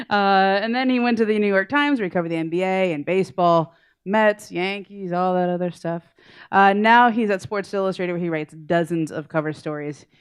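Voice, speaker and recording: A woman's voice: medium pitch, moderate pace, smooth. A young woman introducing an award honoree at a podium in a casual, chatty way, full of "like" and "um". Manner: casual, uses "like" and "um", warm praise.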